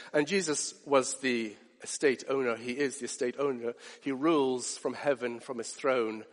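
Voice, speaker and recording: A man preaching a sermon, earnest, moving from hushed asides up to rising emphatic peaks. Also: mid-range voice, fairly even intonation, normal speed, hardly any pauses, big-room sound.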